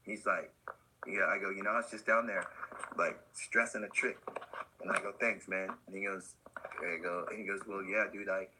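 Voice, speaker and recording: A man guesting on a skate podcast, telling a story in animated, slangy casual talk and acting out the other people's voices. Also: moderate pace, background noise. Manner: acts out quoted voices, swinging high and low; laid-back slangy talk with laughs.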